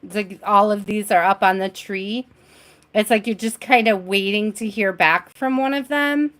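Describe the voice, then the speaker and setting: A woman with a medium-pitched, fairly bright voice talks at a normal speed, giving a chatty, giggly tarot reading on a live stream from her home reading space. She addresses both her viewers and spirit while fighting a case of the hiccups.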